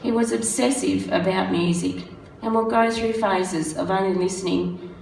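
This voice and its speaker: A woman with a croaky, hoarse voice, reading out a prepared tribute in a steady, measured way. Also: mid-range voice, slight background noise. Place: function room. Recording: roomy sound from a distant mic.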